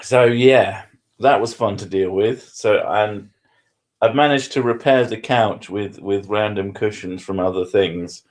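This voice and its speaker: A man's voice: fairly low pitch, unhurried. A man, hosting a live stream from his living room with crude, self-mocking banter. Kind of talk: casual live-stream chat.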